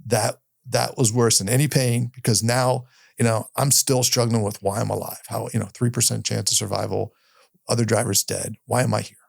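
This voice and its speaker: Middle-aged guy, super gravelly fry voice, dry close sound, halting storytelling, repeats himself. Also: medium pitch, flat delivery, dry recording. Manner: halting, restarts and repeats words often; candid, occasionally swears. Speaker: podcast guest. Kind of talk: personal storytelling in conversation.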